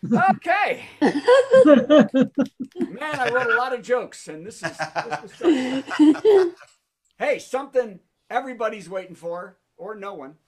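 A man's voice: high voice, fairly bright tone. A man hosting a comedy show over a video call, telling topical jokes, laughing at his own lines and talking with the audience. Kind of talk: stand-up monologue on a video call.

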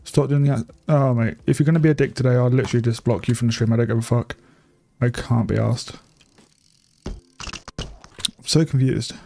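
A man's voice: mid-range voice, fairly even intonation, fast talker, creaky, mellow, slight background noise. A young man, chatting and swearing casually while streaming a bike game. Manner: chatty, swears freely, laughs often. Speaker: gaming streamer. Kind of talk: casual live-stream commentary.

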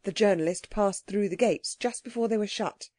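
Mellow woman reading a children's audiobook. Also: mid-range voice, normal speed, no room sound, clean studio sound. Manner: clear, expressive storytelling. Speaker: audiobook narrator.

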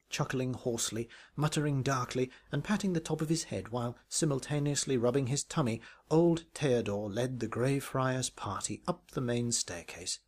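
A man's voice: medium pitch, moderate pace, hardly any pauses, breathy edge. A man reading a comic parody story aloud in a dry, wry, arch manner. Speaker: narrator.

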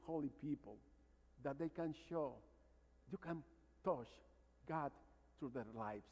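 A priest in his fifties from Mexico with a Mexican Spanish accent, preaching a sermon with stories and calls for amens, sometimes dropping to a hushed voice. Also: a little high. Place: large church. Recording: church reverb.

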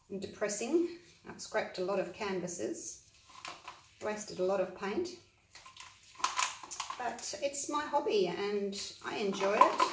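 A woman vlogs a paint-pouring demonstration, chatting in a practical, encouraging, casual way. Her medium-pitched voice sounds far from the mic in a roomy, echoing space, with a little hiss or hum.

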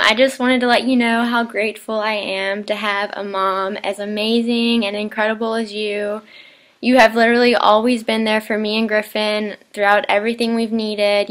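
A woman's voice: fairly high pitch, fairly bright tone. A young woman talking casually in a heartfelt video message to her mother, rambling a bit with fillers and small laughs.

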